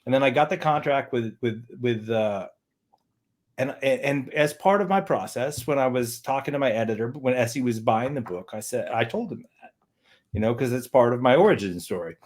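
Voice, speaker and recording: A man's voice: mid-range voice, lively intonation, moderate pace, a little mellow. A man, an author, chatting casually on a livestream and often repeating words as he thinks.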